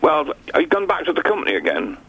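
A man's voice: on the high side, wildly swooping pitch, fast, gravelly, fairly bright tone, slightly rough, no room sound, lo-fi sound. A man co-hosting a radio show in a studio, answering in short, dry replies. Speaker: radio co-host.

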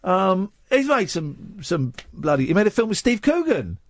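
A man hosting late-night talk radio, animated and teasing, often talking over his callers. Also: sits high, moderate pace, dry recording, studio quality. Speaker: radio host. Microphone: studio microphone.

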